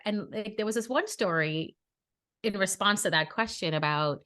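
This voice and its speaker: A woman co-hosts a podcast, telling a story in a casual, animated way. She acts out each side of the dialogue and gets indignant, her voice sitting at an ordinary middle pitch. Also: moderate pace. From Brooklyn. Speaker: podcast co-host.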